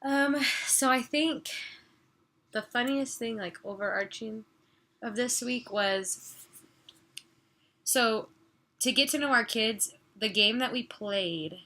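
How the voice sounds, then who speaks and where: A woman's voice: a little high, takes it slowly, pauses often, bright, forceful tone. A young woman chatting casually with a friend in a vlog, bubbly and giggly, sometimes dropping to a whisper. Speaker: summer youth missionary. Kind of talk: casual chat.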